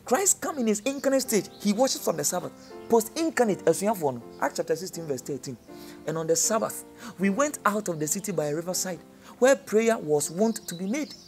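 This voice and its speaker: A man with a Ghanaian accent preaching a sermon, impassioned, dropping low and then crying out. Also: very animated, moderate pace, soft background music.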